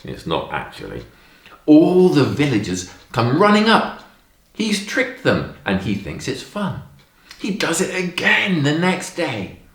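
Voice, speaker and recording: A man telling stories to young children in a lesson, expressive and emphatic, acting out the lines in a story. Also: fairly high pitch, takes it slowly, echoey room.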